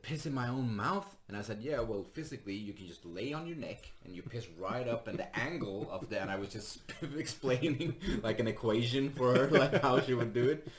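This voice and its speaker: A man, a stand-up comedian, telling a story in casual chat, laughing often and swearing freely. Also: on the low side. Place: Sweden.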